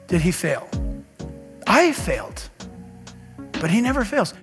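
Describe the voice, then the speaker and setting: A man preaching a sermon as pastor, animated and acting out conversations, swinging from hushed to shouting. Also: high voice, moderate pace, pauses often, in a large hall, soft background music. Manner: animated, acts out dialogue, shifts from hushed to shouting.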